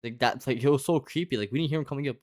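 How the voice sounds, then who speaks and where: Young male storyteller, talks fast and loose with constant fillers and cursing. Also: mid-range voice, darkish tone, no echo, clean studio sound. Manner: rambling, heavy filler "like", lots of swearing. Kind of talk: casual storytime chat.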